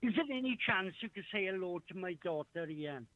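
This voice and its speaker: A man's voice: sits high, animated, fairly quick, phone-quality sound. A man from South Wales, calling a radio phone-in in an easygoing, chuckling way. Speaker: caller.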